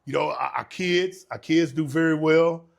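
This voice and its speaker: A middle-aged Texan man with a gravelly, slightly high voice tells stories as an interview guest. He talks in an easygoing, laid-back way and keeps dropping "man" into his sentences. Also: moderate pace. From Texas. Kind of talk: casual interview storytelling.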